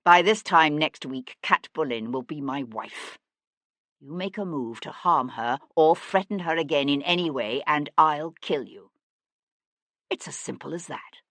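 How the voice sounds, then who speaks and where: A woman's voice: sits low, animated, measured pace, fairly bright tone, no room sound, exaggerated voice. Woman voicing a stern, menacing nobleman. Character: stern young male nobleman, cold and menacing.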